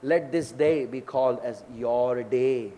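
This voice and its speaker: A man voicing a protective young cowherd god in a told story, calm and firm. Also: medium pitch, slow, big-room sound, voice pushed down, lightly acted.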